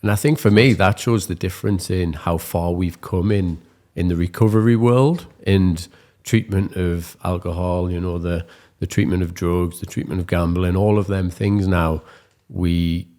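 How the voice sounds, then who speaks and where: A man's voice: sits low, steady tone, normal speed, few pauses, a little mellow. A man hosting a podcast, speaking in a reflective, encouraging way in casual chat. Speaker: podcast host.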